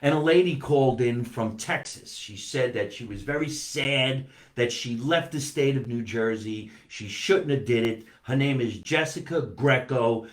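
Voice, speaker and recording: A male comedian talks casually on a live stream in a mid-pitched voice. His delivery is chatty and animated, and he greets viewers as he reads their comments. The room gives his voice a noticeable echo. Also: unhurried, hardly any pauses. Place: home basement.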